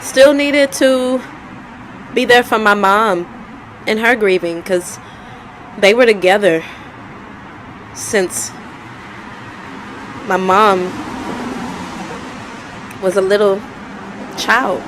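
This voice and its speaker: A woman's voice: mid-range voice, very slow, pauses often, fairly bright tone, a little hiss or hum, rough recording. A woman telling her life story in a candid, conversational way, often repeating herself. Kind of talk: personal storytelling vlog.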